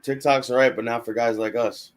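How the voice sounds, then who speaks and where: A man's voice: medium pitch, steady tone, brisk. A man co-hosting a podcast in casual chat, matter-of-fact, often correcting his partner. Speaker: podcast co-host.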